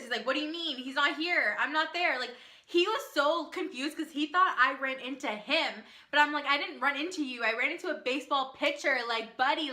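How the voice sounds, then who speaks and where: A young woman telling an excited storytime to her vlog viewers, talking fast with lots of "like" and acted-out quotes. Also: sits high. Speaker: vlogger. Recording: echoey room.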